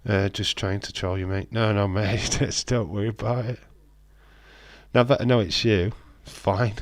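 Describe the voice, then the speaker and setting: A man with a lowish voice hosts a live stream, talking at an unhurried pace as he comments on the action and reads viewer messages. He teases his chat with a playful, bantering edge, and his voice is recorded close and dry with no room sound. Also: fairly even intonation, dry recording. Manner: bantering and teasing with viewers, frequent restarts. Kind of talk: casual watch-along commentary, reading chat aloud.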